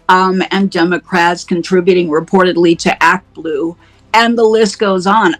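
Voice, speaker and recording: A woman's voice: on the low side, rough recording. A woman from the United States giving blunt, indignant political commentary, with many fillers. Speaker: commentator guest.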